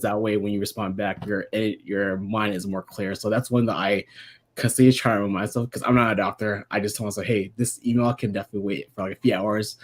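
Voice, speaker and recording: A man speaking as a guest on a live show, casual and rambling, with many fillers. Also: on the low side. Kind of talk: casual panel chat.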